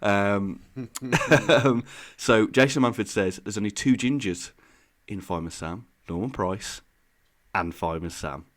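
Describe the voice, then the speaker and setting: This man co-hosts a podcast, talking loosely and laughing a lot as he eagerly rambles through his explanations. He speaks in a fairly low pitch, a bit slowly.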